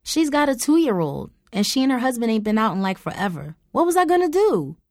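A woman's voice: on the high side, sing-song, a little fast, a little mellow, no echo, studio quality, pitched above the performer's own voice. A woman voicing a guilty, defensive sixteen-year-old girl who pleads with her mother. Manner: defensive and hesitant.

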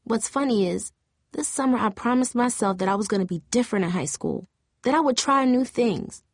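A woman's voice: a little high, a little fast, dry recording, studio quality, voice pushed up, lightly acted. A woman reading an audiobook, voicing a tearful, bitter teenage girl cheerleader in a shaky, raised voice. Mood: upset. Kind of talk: audiobook character voice.

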